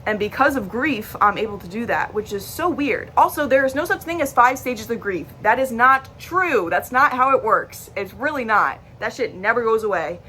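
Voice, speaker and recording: A woman's voice: fairly high pitch, expressive, moderate pace, hardly any pauses, pushed and bright, a little hiss or hum. A young adult woman speaking candidly to a camera, blunt and emphatic, swearing freely. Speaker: vlogger. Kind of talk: candid personal talk to camera. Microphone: device recording while talking to a screen.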